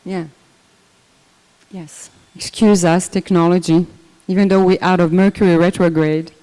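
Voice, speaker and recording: An older woman giving a personal memorial talk, unhurried and conversational, with many fillers and restarts. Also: lowish voice, fairly even intonation, warm tone. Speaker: memorial speaker. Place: temple hall. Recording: echoey hall reverb.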